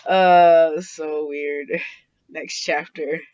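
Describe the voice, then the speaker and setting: A man's voice: a little high, level tone, extremely slow, darkish tone, clean tone, highs cut off. A man casually reading a fan-fiction story aloud, often breaking off to laugh.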